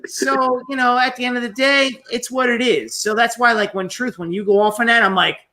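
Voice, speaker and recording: A man's voice: extremely high pitch, fairly even intonation, fairly quick, background noise. A man hosting a casual livestream chat, talking bluntly and swearing freely. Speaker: stream host.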